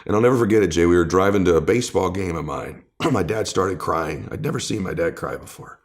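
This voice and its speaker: A man, a guest author, talking in a conversational storytelling way with emphatic, punchy repetition, turning quiet and emotional when he recalls family. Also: sits low, fast.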